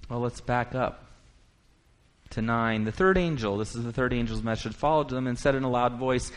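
Preacher swinging between hush and fervor. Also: male voice, mid-range voice. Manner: wide swings from quiet reflection to rising emphatic declaration; reads scripture aloud in rapid bursts. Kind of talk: sermon.

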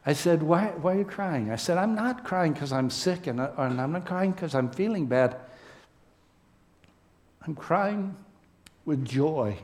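Slow, earnest male pastor preaching. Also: fairly high pitch, lively intonation, darkish tone. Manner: earnest, emotional, slow and heartfelt, addressing the congregation. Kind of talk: sermon with closing prayer.

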